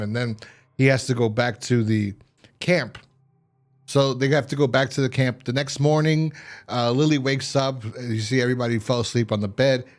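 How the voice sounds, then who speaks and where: A man giving a casual, rambling recap of a TV episode, full of fillers and restarts. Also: mid-range voice. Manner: rambling, filler-heavy retelling. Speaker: TV episode reviewer.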